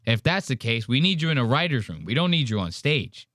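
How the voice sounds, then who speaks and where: A man's voice: mid-range voice, a little fast, no room sound, clean studio sound. A man hosting a podcast, ranting in casual chat with lots of swearing. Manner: profane, ranting, animated. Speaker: podcast host.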